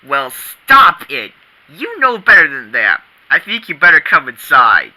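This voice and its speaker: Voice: medium pitch, wildly swooping pitch, unhurried, pushed and bright, full character voice, rough recording. A performer as a stern scolding mother. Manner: firm, scolding. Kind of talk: fan comic dub.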